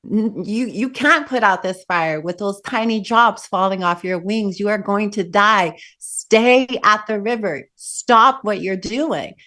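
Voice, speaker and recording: A woman voicing a powerful male god in the form of a giant eagle, giving loud, commanding warnings. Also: mid-range voice, a little slow, hardly any pauses.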